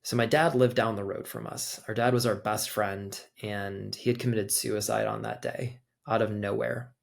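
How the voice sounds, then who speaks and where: A man's voice: fairly low pitch, fairly even intonation, moderate pace, creaky. A young adult man, a podcast guest, telling a personal story in loose, casual conversation, peppered with "like". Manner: loose, conversational, heavy use of filler "like".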